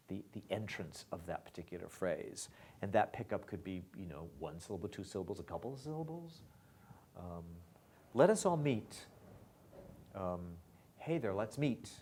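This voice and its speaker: A middle-aged man teaching lyric scansion in an online lesson, with halting restarts, dry asides and rhythms spoken aloud. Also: on the low side, darkish tone, husky.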